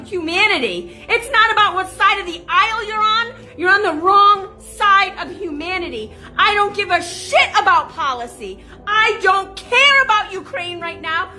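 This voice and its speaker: A woman's voice: extremely high pitch, sharp tone. A woman in her thirties delivering a heated, indignant political rant to camera, swearing as she goes. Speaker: political commentator.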